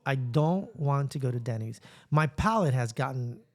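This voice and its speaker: A man's voice: medium pitch, moderate pace. A man co-hosting a podcast, chatting casually and rambling, slipping in Spanish words. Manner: animated, rambling, mixes in Spanish. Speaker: podcast co-host. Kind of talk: casual chat.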